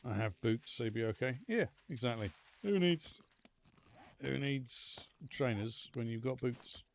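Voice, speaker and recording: A man's voice: medium pitch, lively intonation, a little slow, slight background noise. A man streaming a survival game, chatting casually with rambling stories and free swearing. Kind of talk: casual gameplay commentary.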